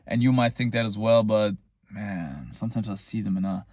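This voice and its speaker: A man's voice: fairly low pitch, moderate pace, a little mellow, no room sound. A young man, rambling casually in a boastful, tongue-in-cheek monologue. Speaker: vlogger.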